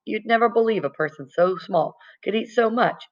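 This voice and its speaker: A woman reading a novel aloud in a plain, mid-pitched voice. She tells it in the first person and stumbles over a word now and then. The recording is dull and lo-fi. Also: moderate pace. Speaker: audiobook reader.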